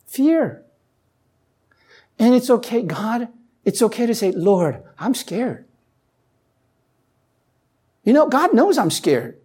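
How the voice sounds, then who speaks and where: A woman preaching a sermon who reads scripture aloud and asks the listeners questions. She climbs to emphatic peaks, then drops low and quiet. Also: big pitch swings, slow, pauses often, husky.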